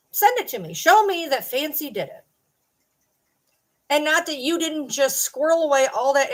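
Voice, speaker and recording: A middle-aged woman hosting her own vlog, talking casually and ranting at viewers in an indignant, sarcastic, challenging way. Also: sits high. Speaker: channel host.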